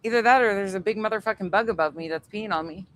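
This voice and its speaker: Casual woman co-host, excitable and profane, outdoor livestream chat. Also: mid-range voice, fast talker, a little hiss or hum. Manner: laughing, swearing, excitable storytelling. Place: outdoors at home.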